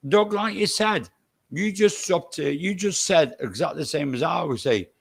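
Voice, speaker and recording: Gravelly stoke-on-trent guy with an irish edge, blunt, swears a lot, keeps repeating himself. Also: a little high, animated, moderate pace. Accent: Stoke-on-Trent with Irish touches. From England. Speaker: guest streamer. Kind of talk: casual live stream chat.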